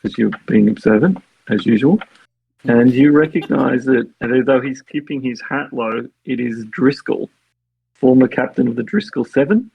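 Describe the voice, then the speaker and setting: A man narrating as game master, halting and full of fillers, often laughing. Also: medium pitch, gravelly, slightly rough, dry recording, highs cut off.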